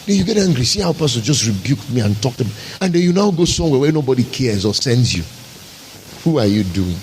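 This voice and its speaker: A man's voice: mid-range voice, big pitch swings, fast, a little mellow, a little hiss or hum, poor audio. Emphatic man preaching a sermon. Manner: emphatic, rhetorical preaching with repeated phrases. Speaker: pastor.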